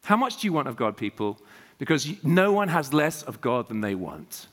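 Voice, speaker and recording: A man preaching a sermon as a guest speaker, telling revival stories with emphatic rhetorical questions and animated delivery. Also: mid-range voice, normal speed, big-room sound.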